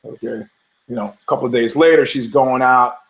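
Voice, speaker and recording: A man's voice: medium pitch, fairly even intonation, brisk, vocal fry, low-quality recording. A man hosting a podcast, riffing in a rambling, profane monologue full of restarts and tangents, telling jokes and acting out the voices. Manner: storytelling with voices, laughs at own jokes. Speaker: podcast host. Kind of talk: casual sports commentary monologue.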